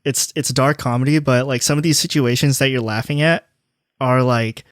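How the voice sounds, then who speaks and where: A man's voice: medium pitch, steady tone, normal speed, no echo. Casual male podcast host, dry sound. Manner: loose, filler-heavy talk full of "like".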